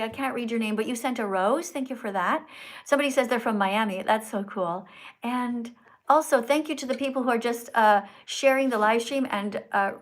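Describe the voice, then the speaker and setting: A woman hosting a live stream from her phone, talking earnestly and in a preachy, teacherly way to her viewers. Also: a little high. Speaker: livestream host. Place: indoors in Italy.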